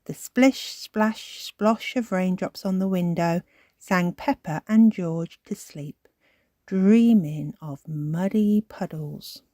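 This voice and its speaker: A woman reading a children's storybook aloud in a slow, expressive way. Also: lowish voice, no echo, clean studio sound.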